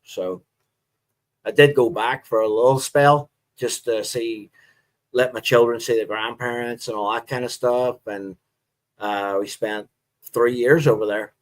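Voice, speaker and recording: A man's voice: medium pitch, measured pace. Chatty Northern Irish man, middle-aged. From Northern Ireland. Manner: relaxed, rambling, chatty with viewers. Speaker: livestream host. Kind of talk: casual live-stream chat.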